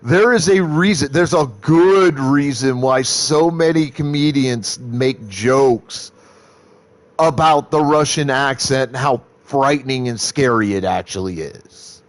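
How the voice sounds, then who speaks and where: A man's voice: medium pitch, takes it slowly. A man streaming a game live, chatting casually and rambling, swearing freely as he talks to his chat.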